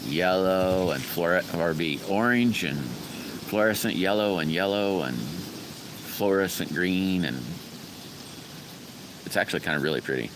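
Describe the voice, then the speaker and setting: A man's voice: low voice, a little slow, background noise. A middle-aged man hosting a casual live stream, rambling in a folksy way and greeting viewers by name. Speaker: livestream host.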